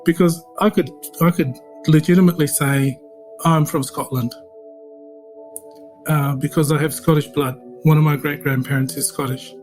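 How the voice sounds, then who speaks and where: A man rambles through anecdotes with plenty of fillers and slips into the voices of the people he quotes. His voice sits a little high for a man, and soft music runs beneath him. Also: steady tone, normal speed, low-quality recording. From Australia. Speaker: interview guest. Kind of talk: casual anecdotal storytelling.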